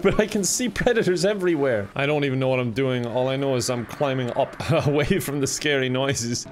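An excitable man hosting a let's play, laughing often and mocking himself as he plays. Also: fairly high pitch, slight background noise. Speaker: gaming host.

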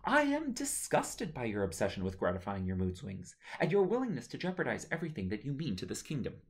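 A woman's voice: extremely low pitch, huge pitch swings, a little fast, pitched above the performer's own voice, full character voice. A man reading his own novel aloud, voicing a stern queen mother who scolds her children in a harsh tone. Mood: scolding. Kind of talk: audiobook narration.

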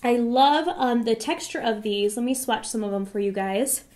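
Hoarse, enthusiastic woman vlogger. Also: fairly high pitch, normal speed, a little mellow. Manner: enthusiastic, chatty. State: hoarse, losing her voice. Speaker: beauty vlogger. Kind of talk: product review vlog.

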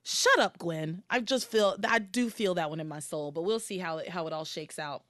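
A woman hosting a podcast in casual recap chat, animated and prone to acting out characters. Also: normal speed, dry recording, clean studio sound. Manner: animated, acts out characters in high shrieks. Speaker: podcast host.

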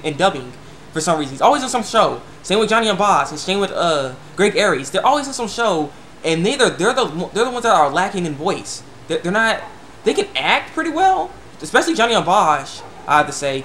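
A young man with a notably high voice talks straight to his camera in a loose, rambling vlog. He stumbles and restarts often, then surges into excited bursts. A faint hum of room ambience sits under him. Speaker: vlogger. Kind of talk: casual opinion rant to camera.

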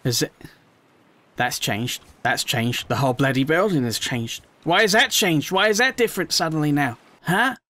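A man giving chatty, emotional let's play commentary, often squealing up high in excitement. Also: moderate pace.

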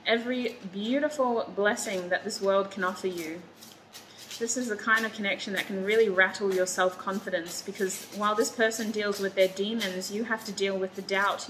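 A woman giving a pick-a-card tarot reading, warm and reassuring, close to tears at times. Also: medium pitch, slight background noise, low-quality recording. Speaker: tarot reader.

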